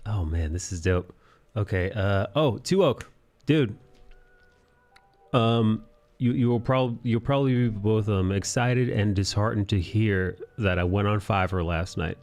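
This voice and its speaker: Low-voiced, profane streamer chatting casually. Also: male voice, measured pace, darkish tone, faint music behind. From New York City. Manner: profane, joking, chatty with viewers. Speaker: livestream host. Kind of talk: casual chat while drawing.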